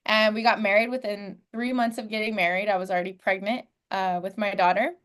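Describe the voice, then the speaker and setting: A woman's voice: medium pitch, fairly even intonation, a little fast, a bit bright. A woman, a podcast guest in her twenties, telling her life story in a candid, heartfelt way with frequent fillers. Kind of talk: personal storytelling.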